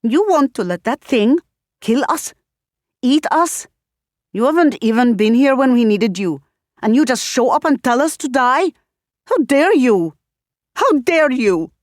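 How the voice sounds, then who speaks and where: A young woman at full fury, her voice raised high and loud, hurling accusations in an audiobook scene, as a woman narrator puts her on. The sound is close and dry. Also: animated, a little slow, dry recording. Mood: furious. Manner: shouting, outraged. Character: furious young woman, shouting, defiant.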